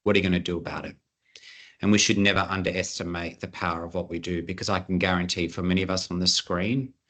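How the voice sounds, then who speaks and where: A man's voice: deep voice, a bit bright. A man presenting at an online conference over a video call, earnest and chatty, with frequent fillers.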